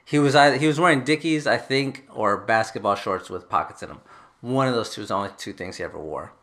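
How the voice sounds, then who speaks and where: A man's voice: medium pitch, quick pace, fairly bright tone. A man from Texas, a guest author telling a story in a casual chat, wry and self-mocking, often trailing off into laughs.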